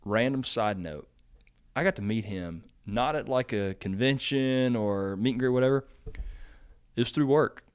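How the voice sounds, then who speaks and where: A man's voice: medium pitch, measured pace, clean tone. A man hosting a farm podcast, telling stories in a rambling, casual way with lots of fillers. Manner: rambling storyteller, lots of fillers, animated when excited. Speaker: extension agent podcast host.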